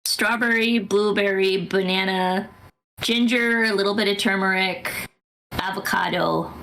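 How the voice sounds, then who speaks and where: A woman's voice: medium pitch, fairly even intonation, a little slow, a bit bright, rough recording. A woman chatting casually with a friend, rambling through stories and acting out her own thoughts. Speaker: friend on stream. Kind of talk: casual chat.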